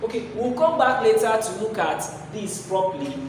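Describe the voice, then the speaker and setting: A man's voice: sits high, expressive, moderate pace, a little hiss or hum. A man teaching a maths lesson, asking rhetorical questions and repeating key phrases. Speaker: mathematics teacher. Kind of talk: classroom lesson. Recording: echoey hall, voice from far off.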